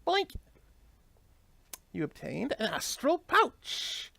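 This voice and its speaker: A man narrates his gameplay in a loose, rambling way, pausing and restarting as he explains. His pitch swings up and down with animated inflection. The sound is dry, with no room echo. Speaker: let's play host. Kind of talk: casual gameplay commentary.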